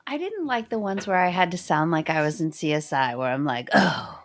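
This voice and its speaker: A woman's voice: low voice, lively intonation, fairly quick. A woman, a podcast guest, chatting casually in a dry, teasing manner. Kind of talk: casual chat.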